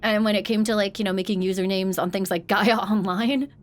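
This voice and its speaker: A woman's voice: mid-range voice, fairly even intonation, a little fast, a little hiss or hum. A woman in her thirties from England whose accent sounds mostly American with a slight British edge, chatting casually on a headset mic and rambling with many fillers and restarts. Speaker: streamer. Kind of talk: casual chat.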